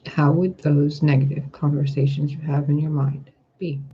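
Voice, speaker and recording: A man giving a spiritual tarot reading, talking in a gentle, reflective way and asking rhetorical questions. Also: a little high, little pitch movement, moderate pace, slightly rough, highs cut off. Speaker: tarot reader.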